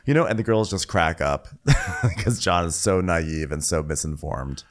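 A man's voice: low voice, animated, a little slow. A man co-hosting a comedic recap chat, gushing and laughing often. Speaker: podcast co-host.

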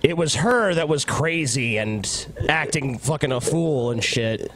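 A man's voice: a little high, expressive, a little slow, a loud crowd, low-quality recording. A man co-hosting a podcast, sarcastic and wry in his comments. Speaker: podcast co-host.

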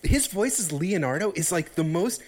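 A man co-hosting a podcast in casual chat, sarcastic and animated, swearing for emphasis. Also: high-pitched, moderate pace. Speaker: podcast co-host.

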